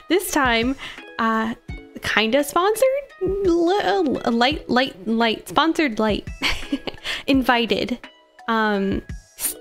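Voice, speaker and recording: A woman's voice: a little high, a bit bright. A woman streamer chatting casually with her live chat, bubbly and giggly, hesitating with frequent ums and restarts. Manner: bubbly, giggly, greets chat with repeated hellos.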